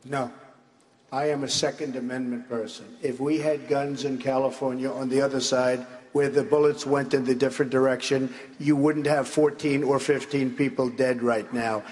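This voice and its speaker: A man's voice: medium pitch, level tone, moderate pace, a little mellow. An older man, answering in a live debate with blunt, repetitive, emphatic phrasing. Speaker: presidential debate candidate. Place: large debate hall with audience. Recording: broadcast audio in a reverberant hall with crowd.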